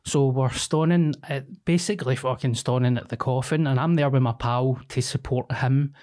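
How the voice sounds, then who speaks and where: A man's voice: medium pitch, fairly even intonation, normal speed, a little mellow. Sweary Scottish man in his thirties. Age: 30s. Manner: frank, sweary storyteller. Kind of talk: casual podcast storytelling.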